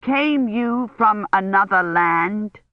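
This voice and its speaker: Woman voicing a slow, over-distinct young knight. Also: on the low side, lively intonation, dry recording, narrow, tinny audio. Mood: puzzled. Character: earnest young male knight, kind.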